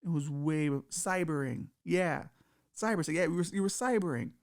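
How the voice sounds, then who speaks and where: Middle-aged male podcast host, raspy fry on a higher voice, crude and self-mocking, loose comic rambling. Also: moderate pace. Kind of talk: casual comedic monologue.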